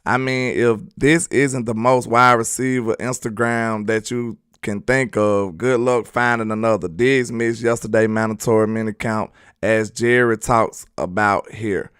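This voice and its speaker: A man's voice: fairly low pitch, fairly even intonation, measured pace, a bit bright, smooth, dry recording, studio quality. A man from Alabama with a Southern accent hosting a casual, joking sports talk show and chatting loosely with his viewers. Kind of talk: casual live sports commentary.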